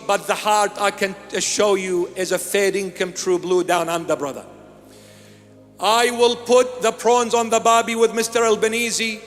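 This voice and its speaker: A man from Iraq delivers a sermon in a high voice, solemn and emphatic. He speaks in short, measured lines and leans on repetition. Faint music sits under the long reverb of a large church. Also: fairly bright tone. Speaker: bishop preaching.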